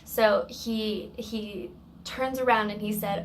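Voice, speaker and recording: A woman's voice: medium pitch, fairly even intonation, takes it slowly, slight background noise. A woman telling a story from work in a casual vlog, in a matter-of-fact way with plenty of fillers.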